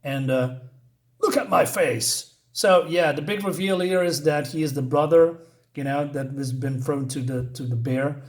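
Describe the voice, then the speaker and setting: A man's voice: fairly high pitch, measured pace. A man giving a blunt, casual review of a comic book, reading its dialogue aloud and breaking off into exasperated, swearing asides.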